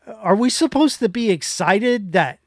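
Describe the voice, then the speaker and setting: This podcast co-host is a man with a fairly high voice and a slightly slow delivery, captured in clean studio sound without any room echo. He's reviewing a movie in casual conversation, rambling, opinionated, and prone to animated rants.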